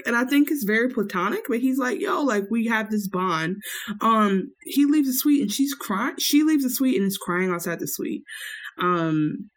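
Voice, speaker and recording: A woman in casual chat, telling a story and acting out the quotes along the way. Her voice sits at a middle pitch and swings high whenever she plays someone else. The delivery is lively and expressive. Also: normal speed. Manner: animated storyteller, acts out quotes with big pitch jumps. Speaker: podcast co-host recapping a reality show.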